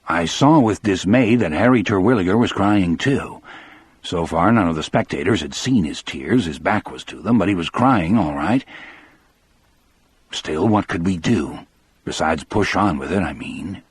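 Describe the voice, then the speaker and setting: A man narrating an audiobook in the first person with a measured, steady delivery. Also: sits low, slightly rough, no room sound.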